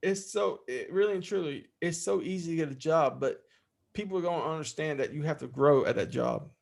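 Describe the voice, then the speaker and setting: Male podcast guest, raspy edge, rambling storyteller. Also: a little high, brisk, darkish tone. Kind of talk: casual interview storytelling.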